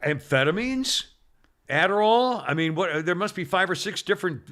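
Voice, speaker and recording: A man hosting a podcast, chatting about the news in a rambling, halting way with frequent laughs. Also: sits high, animated, bright, forceful tone. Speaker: podcast host. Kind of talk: casual political chat.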